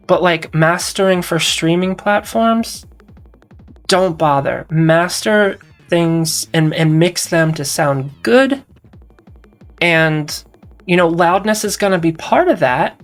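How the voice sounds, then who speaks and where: A woman musician and mastering engineer answering viewer questions in a casual solo Q&A, talking frankly with rambling restarts and swearing. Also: low voice.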